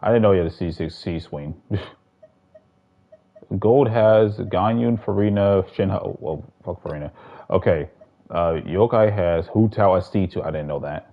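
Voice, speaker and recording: At normal speed, a man with a very low voice chats through his gaming livestream, rambling, swearing and often starting sentences over. Everything sounds dull and lo-fi, like compressed stream audio.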